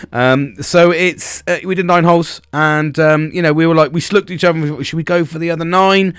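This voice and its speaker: A man's voice: fairly high pitch, fairly quick, clean tone, no echo, clean studio sound. A British man in his forties hosting a casual solo podcast, rambling and swearing freely, breaking off to restart and punching out words with sudden emphasis. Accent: British English. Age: 40s. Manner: rambling, sweary and self-interrupting, with bursts of emphasis. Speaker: podcast host.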